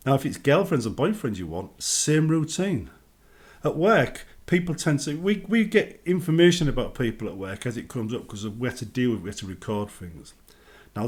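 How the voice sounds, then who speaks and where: A man's voice: medium pitch, a little mellow. A British man giving casual advice on a gaming vlog, chatty and acting out everyday greetings. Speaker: gaming vlogger.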